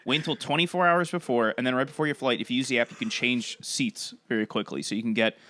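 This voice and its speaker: A man's voice: medium pitch, fairly even intonation, fast talker, bright, forceful tone, no room sound. A man holding forth in a casual comedic podcast chat, joking and ranting in a boastful, rambling way.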